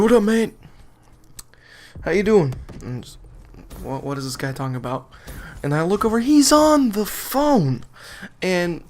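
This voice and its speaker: A man's voice: medium pitch, a little hiss or hum. A young man casually telling a rambling, exasperated story on his vlog, often laughing as he goes. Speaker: gaming channel vlogger.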